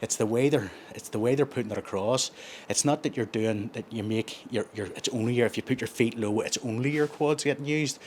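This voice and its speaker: A man's voice: medium pitch, brisk, few pauses, darkish tone, slight background noise. A man, chatting casually between sets in a gym and rambling through his explanations with plenty of self-corrections. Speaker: gym vlogger.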